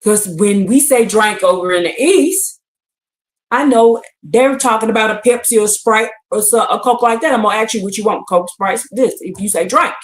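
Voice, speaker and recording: A woman's voice: medium pitch, moderate pace. A woman teaching scripture on a casual livestream, repeating her points with emphasis and checking in with listeners. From United States. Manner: repetitive, emphatic, often asks "you see what I'm saying?". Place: indoors on a livestream, answering chat. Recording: roomy echo.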